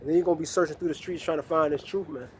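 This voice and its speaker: A man reading Bible verses slowly and then explaining them in casual street talk. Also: on the high side, fairly even intonation, slight background noise. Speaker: street preacher reading scripture. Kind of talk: outdoor street preaching with scripture readings.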